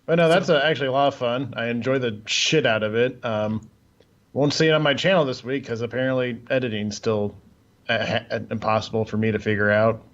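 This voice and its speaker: A man's voice: medium pitch, a little fast. A man chatting casually on a podcast in a loose, rambling way, swearing freely. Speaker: podcast co-host. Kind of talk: casual chat. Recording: muffled lo-fi audio.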